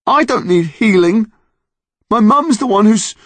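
A man voicing a grieving young boy who shouts and pleads in desperation. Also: high voice, animated, measured pace, no echo, voice pushed up. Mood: bewildered.

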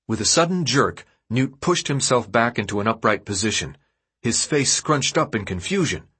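A man narrating an audiobook in a steady, even storytelling voice. His tone is husky, sitting at a mid pitch for a man. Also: normal speed. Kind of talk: scripted narration.

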